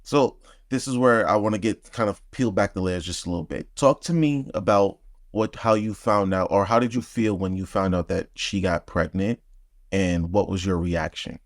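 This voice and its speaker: A man hosts a podcast and draws out his guest with probing, measured questions. His voice is fairly low. The sound is close and dry. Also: dry recording. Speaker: podcast host. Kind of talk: interviewing a guest.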